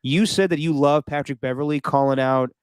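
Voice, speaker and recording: On a podcast he co-hosts, a man with a higher voice chats about sports at a fairly quick clip, full of opinions, frequent laughter, and mocking impressions. His tone is clean on a dry recording.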